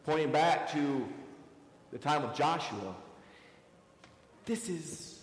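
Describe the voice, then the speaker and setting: A man's voice: a little high, animated, slow pace, pauses often. A man preaching a sermon as pastor, asking many rhetorical questions and telling his listeners which words to underline, recorded in a church sanctuary. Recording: echoey church hall with long reverb.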